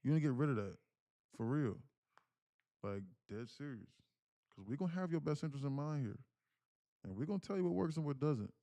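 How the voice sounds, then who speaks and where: A man's voice: a little high, animated, a little fast, long pauses, dark tone. Male streamer host, casual slangy delivery, loops back on phrases, insistent coach energy. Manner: slangy, repeats himself, keeps calling out "guys, listen". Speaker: day-trading livestream host. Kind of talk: casual live-stream talk to viewers.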